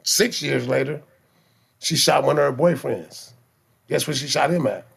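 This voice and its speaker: A man telling street stories in casual chat, with profane slang, animated delivery and stammering restarts. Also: mid-range voice, a little slow, vocal fry, breathy edge. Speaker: guest telling life stories.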